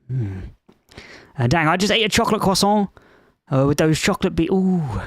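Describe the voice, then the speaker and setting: A streamer, coding live and swearing at an AI chatbot. The speaker swings between low muttering, reading aloud and loud outbursts. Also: sing-song, normal speed, no room sound, studio quality.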